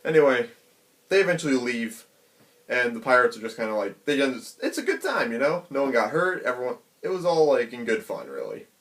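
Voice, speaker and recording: Animated man retelling a manga chapter. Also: mid-range voice, fairly quick. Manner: animated, chatty, many fillers. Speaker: manga reviewer. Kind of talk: casual retelling with acted-out quotes.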